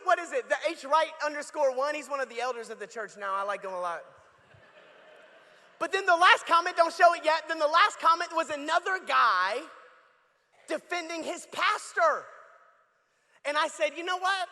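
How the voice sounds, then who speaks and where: In a large church hall full of lingering reverb, a man preaches as a visiting pastor. His voice is very high-pitched, bright and forceful, and he trades jokes with the congregation as if chatting.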